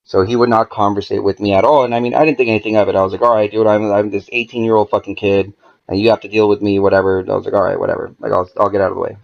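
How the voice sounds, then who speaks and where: A man's voice: lowish voice, very fast, creaky, dull audio. A man, a podcast guest, telling a story in a casual, profane way and acting out the dialogue as he goes. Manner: profane, animated, acts out quoted dialogue.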